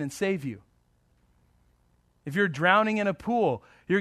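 A man preaching a sermon as a pastor, moving between quiet, tender passages and fervent, rising appeals. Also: high-pitched, animated, normal speed, pauses often, dry recording. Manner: emphatic preaching that swings between hushed and fervent.

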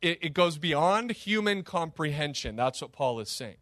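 Animated high-voiced preaching man. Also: normal speed, no echo, studio quality. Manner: animated, emphatic preaching with sudden rises and drops. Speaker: pastor. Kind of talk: sermon.

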